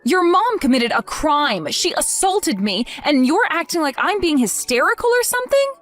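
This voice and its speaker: A woman's voice: high voice, sing-song, moderate pace, fairly bright tone, faint music behind. A woman voicing a heartbroken young wife in an acted text story, pleading and stammering over her words. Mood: indignant.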